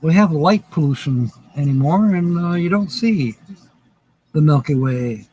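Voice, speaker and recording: A man's voice: fairly high pitch, lively intonation, unhurried, warm tone, slightly rough, poor audio. A man hosting a live stream, rambling casually with lots of fillers.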